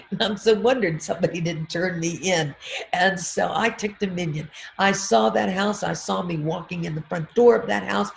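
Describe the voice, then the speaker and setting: Gravelly-voiced woman telling a story. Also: fairly low pitch, a little hiss or hum. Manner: animated storytelling with repeated affirmations and frequent laughs. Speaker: motivational speaker. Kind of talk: storytelling talk on a live video call. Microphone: video call.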